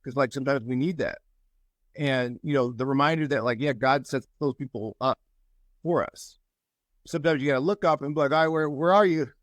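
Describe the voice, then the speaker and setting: A man's voice: mid-range voice, fairly quick, dry recording. Man telling a story on a group call. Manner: storytelling, animated when quoting others. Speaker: mastermind group member.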